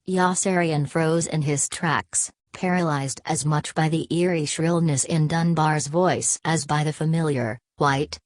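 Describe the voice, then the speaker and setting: A woman narrating a novel as an audiobook in an even storytelling read. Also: deep voice, dry recording. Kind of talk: scripted narration.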